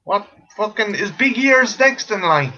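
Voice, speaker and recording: A man's voice: high-pitched, expressive, a little slow, pushed and bright. A man with an Irish accent in a casual, jokey chat, swearing freely and laughing often. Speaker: friend in a chat. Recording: dull lo-fi sound.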